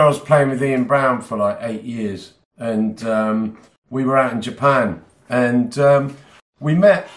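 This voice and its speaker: A male musician, a guest in a casual chat, telling anecdotes in a halting, self-deprecating way. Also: mid-range voice. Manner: self-deprecating, halting with many fillers and restarts. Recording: echoey room sound.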